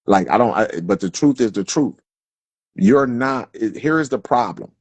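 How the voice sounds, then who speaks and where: A man on a live stream, husky-voiced, delivering a heated, preachy rant full of constant swearing. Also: fairly low pitch, lively intonation, a little slow, no room sound. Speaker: livestream speaker. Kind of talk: impassioned profane rant. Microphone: phone on a live stream.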